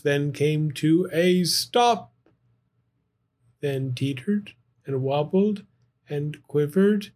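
A man reading a rhyming children's picture book aloud in an expressive, sing-song way. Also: on the high side, husky. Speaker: storyteller. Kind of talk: storybook read-aloud in rhyme.

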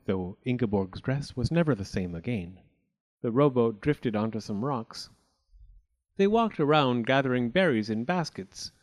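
A man narrating a storybook aloud in an expressive way, slipping into character voices. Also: medium pitch.

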